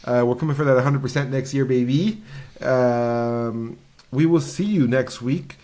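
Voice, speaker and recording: A man's voice: mid-range voice, unhurried, mellow. A young man hosting a podcast in casual chat, laid-back and teasing his co-hosts. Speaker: podcast host.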